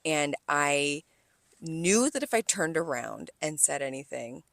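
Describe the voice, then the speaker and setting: Young woman, low voice, dry close mic, animated venting about work. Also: unhurried, vocal fry, no room sound. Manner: animated storytelling, acts out quotes, swears. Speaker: podcast co-host. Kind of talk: casual chat.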